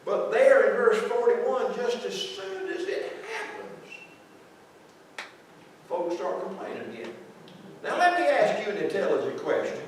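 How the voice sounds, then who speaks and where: A man's voice: high-pitched, distant mic. A man preaching a conversational, folksy sermon and asking his congregation questions. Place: large echoey church sanctuary. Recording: very echoey church recording from afar, faint noise.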